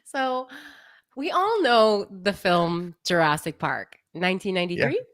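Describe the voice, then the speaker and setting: A young adult woman co-hosting a podcast in casual chat, animated and often laughing, mock-exasperated as she rants. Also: medium pitch, unhurried, dry recording, clean studio sound. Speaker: podcast co-host.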